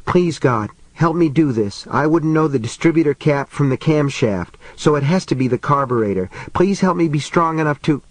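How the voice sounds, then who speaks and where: A man's voice: fairly high pitch, expressive, normal speed, hardly any pauses, dry recording, voice pushed up. A man reading a desperate, determined woman's lines, pleading and breathless.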